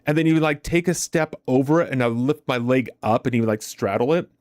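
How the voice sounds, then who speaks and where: A man talks casually on a live stream in a mid-range voice, recorded close and dry. He is chatty and animated, and he often repeats words and restarts his sentences as he goes. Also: medium pitch, quick pace, no room sound. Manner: animated storyteller. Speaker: trading live-stream host.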